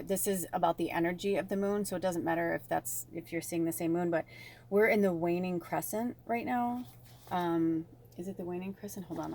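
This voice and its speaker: A woman's voice: fairly low pitch, a little mellow. A woman casually talking through a spiritual tarot reading to her viewers, rambling and bubbly in manner. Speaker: tarot reader.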